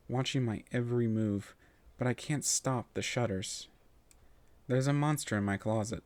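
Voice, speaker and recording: A man narrating a first-person story in an expressive, melodic reading voice. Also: medium pitch, normal speed, no room sound.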